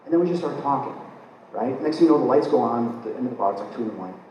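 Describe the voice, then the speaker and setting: A man in an echoing room, telling a personal story in front of a live audience. He tells it with animated energy and acts out each line of dialogue. The voice sounds distant from the mic, over a faint hiss. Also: medium pitch, rapid-fire. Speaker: lecturer. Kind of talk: live spiritual lecture, personal anecdote. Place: event hall, recorded from the audience. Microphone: distant camera mic.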